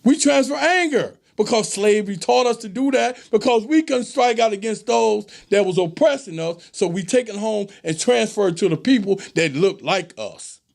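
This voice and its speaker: A man holds forth in a casual monologue, his voice pitched high with a gravelly edge. He talks emphatically and preachily, slipping into quoted voices as he makes his point. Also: animated, normal speed, hardly any pauses, darkish tone. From American South. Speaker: show host.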